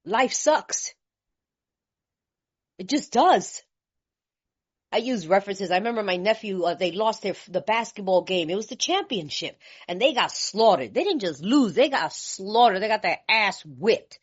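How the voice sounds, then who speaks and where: A woman from California sharing her story at a recovery meeting, blunt, animated and laughing, with streetwise talk. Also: mid-range voice, unhurried, husky. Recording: dull lo-fi recording.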